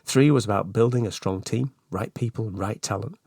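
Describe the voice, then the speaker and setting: A man talks through his solo management podcast, chatty and earnest, dropping in asides. His voice sits fairly low, and the close, dry recording puts him right at your ear. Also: fairly quick, darkish tone, husky, dry recording. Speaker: podcast host.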